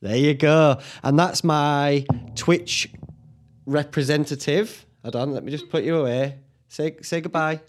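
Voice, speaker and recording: This solo podcast host speaks unhurriedly in a voice on the high side, with fairly even intonation. He's a man in a small home studio, chatting in a rambling way, casually swearing and laughing at himself.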